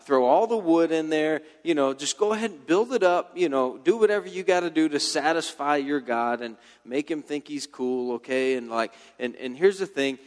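A man's voice: on the high side, normal speed, hardly any pauses, big-room sound, natural voice. A man putting on a sarcastic, taunting prophet. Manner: teasing, sarcastic, playful. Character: mocking, swaggering male prophet taunting rivals.

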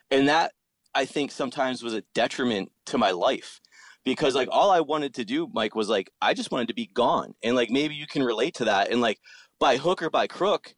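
Man, thirties, casual rambling chat, swears a lot, mid pitch, dry sound. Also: lively intonation, moderate pace, dry recording. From Philadelphia area. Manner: profane, rambling, heavy use of "like".

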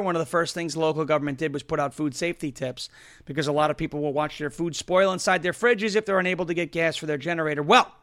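A man's voice: sits high, pushed and bright. A man hosting a political talk show, reading ads and getting heated and emphatic. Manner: emphatic, rising to heated outbursts. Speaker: show host.

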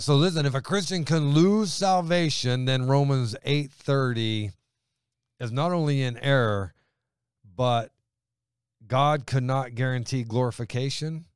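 Earnest pastor preaching in conversation, dry sound. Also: male voice, clear, resonant tone, dry recording. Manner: earnest, builds to emphatic points then drops low. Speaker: pastor co-host.

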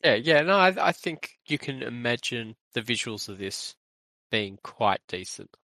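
A man co-hosting a podcast in a casual literary discussion, agreeable and chiming in with quick interjections. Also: mid-range voice, animated, pushed and bright, dry recording, poor audio. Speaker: podcast co-host.

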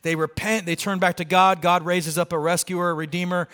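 A man's voice: high-pitched, fairly quick. A male pastor preaching a sermon in a casual, conversational way, acting out the people in the story. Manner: conversational, acts out quoted lines with lively voices.

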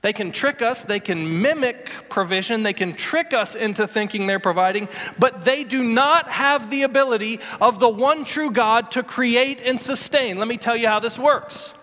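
A man preaching a sermon as pastor, animated and building to emphatic peaks. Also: very high-pitched, normal speed, hardly any pauses, in a large hall.

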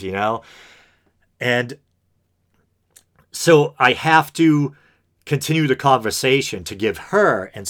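Low-voiced man in a rambling podcast monologue. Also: a bit bright. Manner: rambling and earnest, with many fillers and restarts. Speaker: podcast host.

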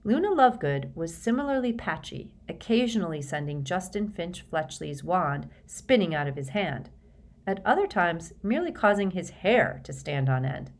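Brief: woman audiobook narrator, slightly low voice, steady measured storytelling. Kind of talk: scripted narration.

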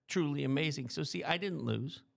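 A man's voice: a little high, fairly quick, vocal fry. A man interviewing a hospital staff member in a casual, playful, joking way.

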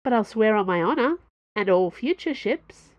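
A woman's voice: medium pitch, expressive, normal speed, dry recording, muffled recording, pitched above the performer's own voice, close to an everyday voice. Woman narrator doing a firm, earnest young pilot; plain storybook delivery.

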